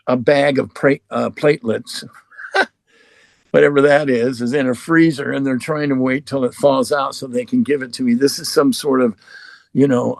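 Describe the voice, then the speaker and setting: A man from Oregon with a mid-pitched, gravelly voice, recounting his own story as a guest. He talks casually, swears freely and plays out both sides of each exchange. The recording is dry and close. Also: no room sound. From Oregon, United States. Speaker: guest musician.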